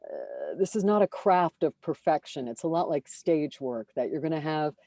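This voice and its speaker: This audiobook narrator speaks at normal speed in a low voice, with no room sound. In a casual interview she's animated and self-deprecating, filling her speech with fillers and restarts.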